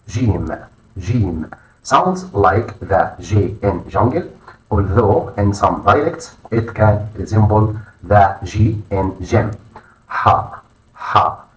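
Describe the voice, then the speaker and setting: A man teaching a language lesson, saying each letter name slowly and deliberately, often twice. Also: on the low side. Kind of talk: instructional lesson narration. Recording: echoey room, voice far from mic.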